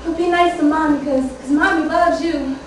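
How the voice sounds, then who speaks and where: A woman's voice: high-pitched, fairly even intonation, normal speed, a little hiss or hum, natural voice. A woman playing a young mother in a monologue. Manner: intense dramatic monologue, shouting at peaks. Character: young mother telling of her children's father. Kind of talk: theater monologue. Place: theater stage. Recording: echoey hall from far off.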